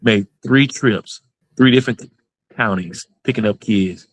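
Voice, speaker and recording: A man's voice: fairly low pitch, measured pace, dry recording, poor audio. A man, a basketball club owner and coach telling his story in an interview, earnest and emotional, going over points again and again.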